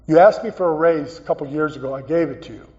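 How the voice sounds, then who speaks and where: A man giving a personal, earnest recovery talk as a guest speaker, halting and repeating phrases as he tells his story. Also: a little high, darkish tone. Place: meeting hall. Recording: dull, echoey hall recording.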